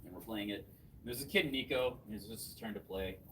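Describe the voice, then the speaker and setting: A young man in his twenties doing a stand-up set, laughing at his own jokes and swinging between loud and soft. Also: fairly low pitch, fast talker. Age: 20s. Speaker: stand-up comedian. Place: small comedy venue with audience. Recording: distant mic with crowd laughter. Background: audience laughing.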